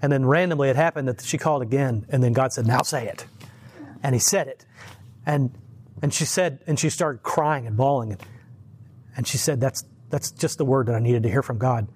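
A man's voice: medium pitch, moderate pace, darkish tone, breathy edge. Brief: man preaching informally, chatty storyteller, chuckles often, restarts sentences, mid-range voice. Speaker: lay preacher. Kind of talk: informal sermon.

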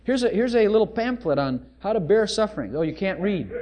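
A preacher voicing a scolding, self-righteous crowd in a sermon. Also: male voice, high voice, sing-song, a little fast. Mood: mocking. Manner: sneering, dismissive.

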